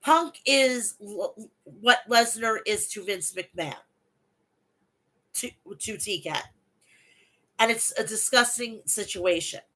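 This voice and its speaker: A wrestling podcast host reads an event recap aloud on her own review show, ranting heatedly and bluntly with lots of swearing. Her voice is a little high and fairly bright, slow and often pausing, on a low-quality recording.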